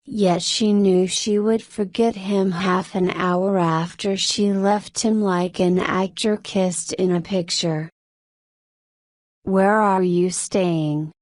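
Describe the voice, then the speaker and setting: A woman reading a novel aloud as scripted narration for English learners, in a slow, measured way. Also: mid-range voice, fairly even intonation, darkish tone, no echo, studio quality.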